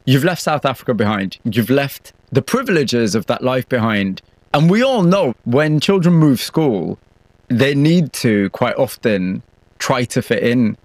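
A male radio host who narrates a scripted story and asks measured, sympathetic interview questions. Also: mid-range voice, animated, a little mellow, no room sound.

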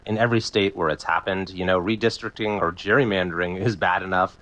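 A male politician with a deep voice who talks quickly. He argues his position firmly in a news interview. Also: fairly even intonation, a bit bright. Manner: quick, assured argument. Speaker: congressman. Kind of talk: interview answers.

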